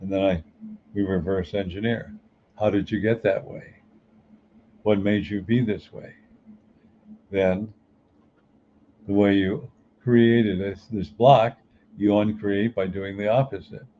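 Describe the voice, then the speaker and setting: A man's voice: lowish voice, fairly even intonation, takes it slowly, long pauses, a little hiss or hum. A man giving a conversational motivational talk as a spiritual teacher and coach, asking many rhetorical questions. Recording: muffled lo-fi recording.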